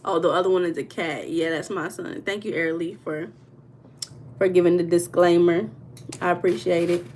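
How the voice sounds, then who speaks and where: A woman's voice: lowish voice, fairly even intonation, moderate pace, darkish tone, slight background noise. Chatty American woman on a livestream. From United States. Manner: chatty, reads viewer comments aloud, Southern-style slang. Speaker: tarot reader streaming live. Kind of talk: casual livestream chat. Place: home room.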